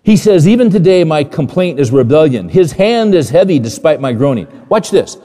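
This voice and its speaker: A man preaching a sermon in a church, talking conversationally and repeating phrases for emphasis. His voice sits fairly high and sounds mellow and warm. The sound carries a long hall reverb. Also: big pitch swings, moderate pace. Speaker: pastor.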